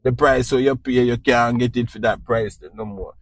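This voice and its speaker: A man's voice: medium pitch, fairly even intonation, normal speed, dry recording. A man with a Jamaican accent hosting a podcast, giving an informal spiritual talk in a preachy, repetitive way and often asking if you understand. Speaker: podcast host.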